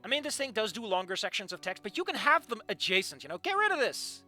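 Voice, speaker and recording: A man's voice: high voice, quick pace, soft background music. A young man reading fan fiction aloud and critiquing it in a sarcastic, profane rant. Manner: animated, sarcastic, profane ranting.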